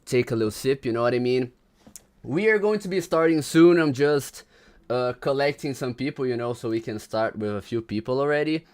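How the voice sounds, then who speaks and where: A man's voice: medium pitch, a little fast. A man hosting a casual livestream, chatting to viewers, greeting them by name and hyping up the stream. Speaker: livestream host.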